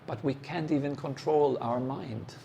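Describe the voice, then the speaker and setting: Gravelly-voiced guy teaching meditation, slow, asks you stuff straight out, faint noise behind. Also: medium pitch, warm tone. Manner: questions the listener directly and challenges them; short, unhurried phrases with pauses. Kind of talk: meditation talk.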